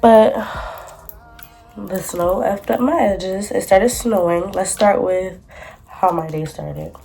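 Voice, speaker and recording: A woman's voice: medium pitch, takes it slowly, gravelly, warm tone, soft background music. A young woman vlogging casually from her phone, chatty and exasperated, full of slang. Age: young adult. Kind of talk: casual storytime vlog. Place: outdoors on a city street.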